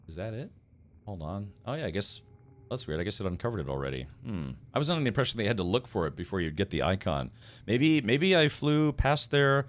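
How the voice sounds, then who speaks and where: A low-pitched man chats loosely while playing a game, often restarting and correcting himself mid-sentence. Faint game ambience sits quietly behind his voice. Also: slight background noise. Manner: rambling, self-correcting, chatty with viewers. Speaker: streamer. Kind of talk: casual gameplay chat.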